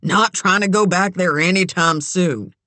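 A woman voicing an easygoing middle-aged man just out of prison, talking calmly and coaxingly in a storybook reading. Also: lowish voice, unhurried, no echo.

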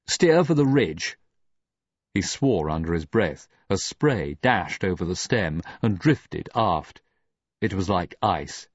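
Husky low-voiced guy reading a novel, lots of ups and downs, dry muffled audio. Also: slow pace, no room sound. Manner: expressive, dramatic reading. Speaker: audiobook narrator. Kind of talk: scripted narration.

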